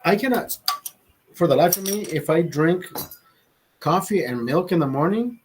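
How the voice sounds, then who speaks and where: A young man with a slightly raised, husky voice tells a long personal story in casual talk. He rambles, swears freely and restarts his sentences often. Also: fairly high pitch, expressive, moderate pace, low-quality recording. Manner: rambling, profane, many restarts. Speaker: vlogger host.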